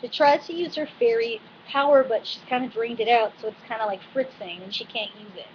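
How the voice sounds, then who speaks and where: A woman's voice: a little high, a little fast. Chatty woman recapping a TV episode. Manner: chatty and animated, with frequent fillers. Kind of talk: casual TV recap monologue. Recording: dull lo-fi recording with faint noise.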